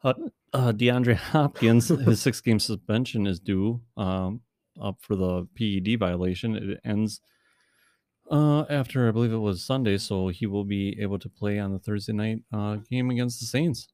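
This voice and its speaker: A man's voice: lowish voice, normal speed, a little mellow, dry recording, studio quality. A man casually chatting about fantasy football as a podcast co-host, rambling with many fillers and restarts, and he has the hiccups.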